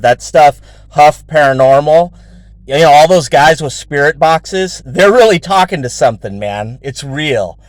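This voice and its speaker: A man's voice: medium pitch, no echo. A man hosting his own show, telling a story in a rambling, casual way with heavy swearing and lots of fillers. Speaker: show host.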